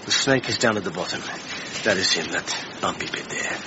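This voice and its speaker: A man's voice: low-pitched, brisk, close to an everyday voice. A man acting a patient, reassuring animal rescuer in a radio drama. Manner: soothing, patient. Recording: dull lo-fi radio drama recording with clear background noise.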